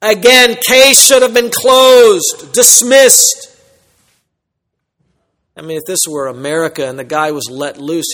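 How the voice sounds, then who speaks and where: A man preaching an expository sermon, emphatic, swinging between loud exclamations and quiet, solemn asides. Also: high-pitched, slow, in a large hall.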